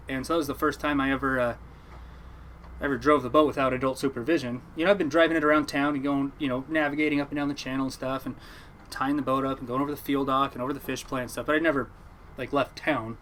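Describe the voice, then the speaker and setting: Fast-talking young man, rambling storyteller. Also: mid-range voice, slight background noise. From Oregon, United States. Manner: rambling, animated, acts out quotes. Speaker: fishing boat captain, podcast guest. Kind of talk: casual storytelling.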